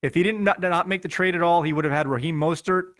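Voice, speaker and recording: A man's voice: fairly high pitch, quick pace, fairly bright tone, no room sound, clean studio sound. A man hosting a fantasy football podcast, giving a jokey, chatty recap and addressing his listeners as guys. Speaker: podcast host.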